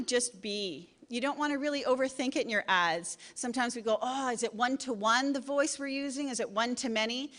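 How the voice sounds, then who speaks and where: A woman's voice: fairly high pitch, a bit bright, long reverb tail. A woman giving a short humorous talk on advertising to a live audience, with wry asides. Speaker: presenter.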